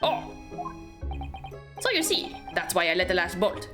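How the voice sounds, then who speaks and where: A woman voicing a kindly, gallant middle-aged Irish man in a game, with a put-on Irish accent and folksy, gentlemanly talk. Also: on the low side, big pitch swings, a little slow, voice pushed down. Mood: earnest. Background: game music.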